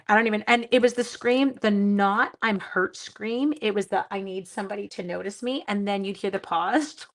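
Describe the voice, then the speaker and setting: Middle-aged woman, craft livestream host, chatty and self-deprecating, a bit of vocal fry, mid-range pitch. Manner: chatty, self-deprecating, greets viewers by name. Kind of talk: casual livestream crafting demo.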